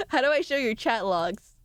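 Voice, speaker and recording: A woman's voice: on the high side, no echo, clean studio sound. A young adult woman streamer in casual live-stream chat, bantering with viewers, reading their messages aloud, laughing often and swearing freely.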